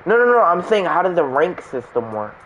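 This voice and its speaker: Young guy streaming games, kinda high voice that jumps all over, laughs a lot, swears, joking with his buddies. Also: sing-song, brisk, a bit bright, dull audio, slight background noise. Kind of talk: casual gaming chat with friends.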